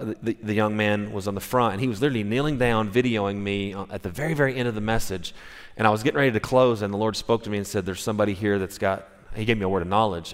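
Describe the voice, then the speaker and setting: A male pastor preaching a sermon, telling stories in a conversational way with frequent restarts. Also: on the low side. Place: church sanctuary. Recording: long reverb of a church hall.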